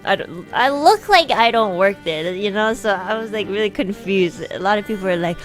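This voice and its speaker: A woman's voice: medium pitch, brisk, faint music behind. Chatty young woman telling a story. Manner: chatty, animated, acts out quoted lines in a raised voice. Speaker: streamer. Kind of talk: casual storytelling.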